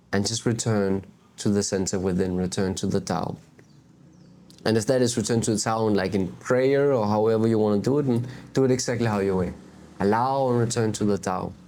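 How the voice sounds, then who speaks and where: Candid man musing outdoors. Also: lowish voice. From Denmark. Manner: candid, animated, swears and laughs at himself. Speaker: spiritual vlogger. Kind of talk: casual spiritual talk to camera. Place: outdoors on a beach.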